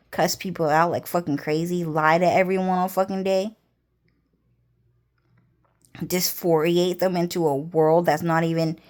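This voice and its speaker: A woman's voice: on the low side, clean tone. A woman vlogger telling a personal story in a rambling, repetitive way, with heavy swearing. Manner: rambling, heavily profane, repetitive. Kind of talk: casual storytelling monologue.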